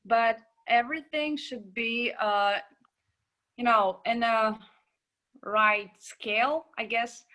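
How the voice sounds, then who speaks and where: A woman's voice: fairly high pitch, steady tone, slow pace, sharp tone. A young woman, a student, giving her opinion in an online class discussion, thoughtful and hesitant with many fillers. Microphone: video call.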